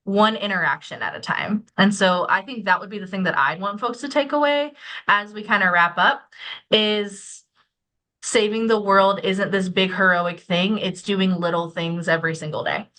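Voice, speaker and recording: A woman's voice: medium pitch, moderate pace, sharp tone. A woman co-hosting a casual podcast, speaking earnestly and with wry humor. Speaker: podcast co-host, housing professional.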